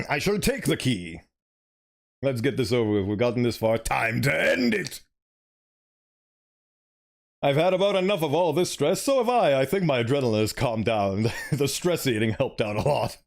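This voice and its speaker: A man's voice: medium pitch, animated, normal speed, creaky. A man streaming a story game, reading it aloud and chatting animatedly, sometimes fumbling for words.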